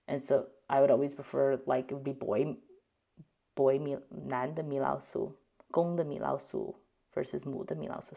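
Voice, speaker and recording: A woman's voice: low voice, gravelly, a little mellow. A woman hosting a casual language lesson, chatting with frequent ums and likes as she reads out card text in two languages. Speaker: card game channel host.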